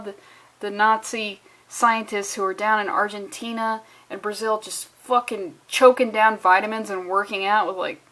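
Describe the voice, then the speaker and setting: A sarcastic woman rambles through a comic book review, swearing freely as she talks. Her voice sits a little high. She delivers loose, offhand vlog commentary. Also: a bit bright.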